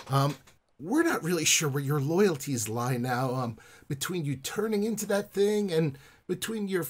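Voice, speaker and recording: A man voicing a smooth-talking woman ship's officer who stammers through false reasonableness. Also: on the high side, voice pushed up. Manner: hesitant, halting restarts.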